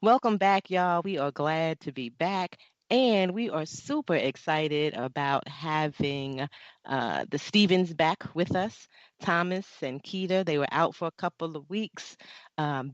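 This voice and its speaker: A man's voice: fairly high pitch, slow pace, no room sound. Upbeat podcast host, man, dry muffled audio. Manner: upbeat, energetic welcome. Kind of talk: casual chat.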